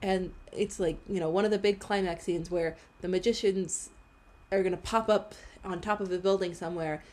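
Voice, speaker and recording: A woman's voice: fairly low pitch, fairly even intonation, normal speed, a little mellow. A woman co-hosting a podcast, chatting casually and laughing often. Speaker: podcast co-host. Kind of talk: casual chat.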